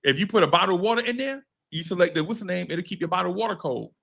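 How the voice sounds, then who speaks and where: Here's a high-sitting, creaky male voice firing off words rapidly. He's a podcast host telling a story in slangy banter, animated and profane, voicing the quotes himself.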